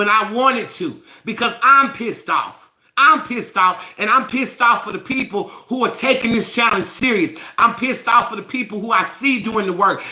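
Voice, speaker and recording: A woman hosting a self-help live stream, scolding her viewers in a profane, forceful rant. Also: on the high side, roomy sound, low-quality recording.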